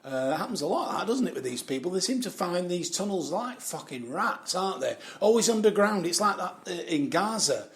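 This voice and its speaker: A man's voice: high-pitched, sing-song, brisk, few pauses. A man giving rambling, casual commentary on the news, swearing freely, chuckling often and trailing off with fillers. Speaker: vlogger.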